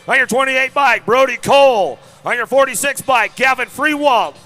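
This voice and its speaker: A man calls a BMX race live with a very high, piercing voice. He works the crowd and reads out each rider by bike number, with faint music behind. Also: moderate pace, sharp tone. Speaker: race announcer. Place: outdoor BMX track.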